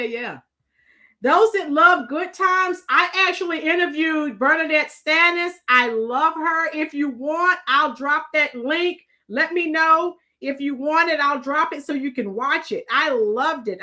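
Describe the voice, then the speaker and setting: A woman's voice: sits high, sharp tone. A middle-aged woman from Florida hosts a live stream in casual chat, rambling and answering viewers' comments by name.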